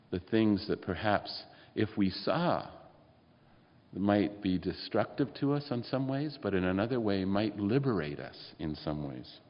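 Low-voiced preacher in a reverberant hall. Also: male voice. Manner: conversational, asks the congregation questions. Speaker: pastor. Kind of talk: sermon. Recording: dull lo-fi recording with long hall reverb.

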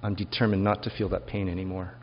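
A man's voice: deep voice, flat delivery, quick pace, slight background noise. A male pastor preaching a sermon in a reflective, conversational way, asking the congregation rhetorical questions. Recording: dull lo-fi sermon recording with long hall reverb.

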